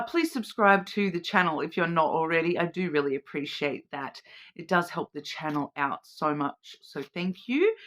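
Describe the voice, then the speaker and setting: A woman's voice: mid-range voice, fairly bright tone. Woman musing through an oracle card reading. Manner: musing aloud, repeating words while searching for meaning; addresses the listener directly, checking in with "okay?". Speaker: card reader.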